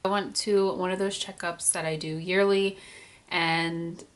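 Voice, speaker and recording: Young woman vlogger, early 20s, slightly low voice, candid and teary, filler-heavy storytelling. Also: steady tone, unhurried. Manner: candid, emotional, many filler "like"s. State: holding back tears. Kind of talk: personal storytime vlog.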